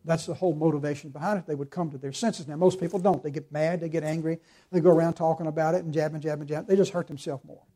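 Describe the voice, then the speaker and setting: A man's voice: on the high side, steady tone, quick pace, mellow. A pastor preaching an earnest, emphatic sermon, quoting scripture and calling his listeners to forgive.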